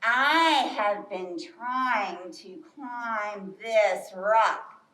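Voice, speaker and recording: Woman doing a very slow, weary turtle. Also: medium pitch, sharp tone, voice pushed down. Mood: tired. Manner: very slow, drawn-out words. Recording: echoey room from far off.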